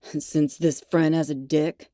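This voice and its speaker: A woman voicing a sullen, jealous young man who talks in gruff, sarcastic, clipped lines in an audiobook. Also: sits low, flat delivery, slow, mellow, no room sound, studio quality.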